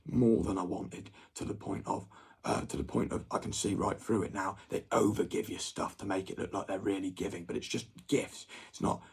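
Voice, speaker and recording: A man's voice: deep voice, vocal fry, a little mellow, husky. A young adult man, ranting at viewers in a rambling, sweary monologue. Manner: agitated, sweary rant.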